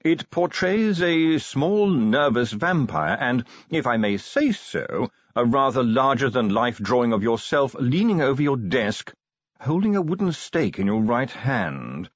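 A man voicing a prim, smooth-spoken middle-aged butler with a formal, deferential manner in an audiobook. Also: medium pitch, very animated, measured pace, dry recording, highs cut off, voice pushed up.

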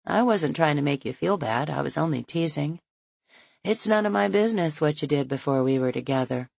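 A woman reading the lines of a teasing, wry grown man in an audiobook, in a dry, low-key manner. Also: animated, fairly quick, vocal fry, darkish tone, husky, no echo, exaggerated voice.

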